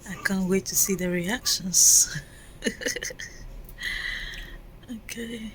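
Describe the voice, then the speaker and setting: A woman talking softly in a casual vlog clip filmed on a hospital ward. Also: medium pitch, steady tone, very slow, slight background noise. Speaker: new mother filming herself.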